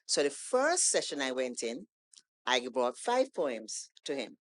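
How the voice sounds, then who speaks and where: A woman guest on a podcast, telling a story in a casual, animated way and acting out the lines of the people in it. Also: extremely low pitch, measured pace. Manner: animated storytelling, acts out quoted dialogue. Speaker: guest poet.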